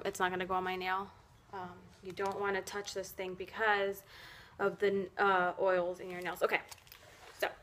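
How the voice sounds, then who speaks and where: Bright, chatty woman demonstrating nails. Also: mid-range voice, a little hiss or hum. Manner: chatty, rambling, many fillers and self-corrections; laughs often at herself. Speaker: nail wrap seller demonstrating at home. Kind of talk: casual how-to tutorial.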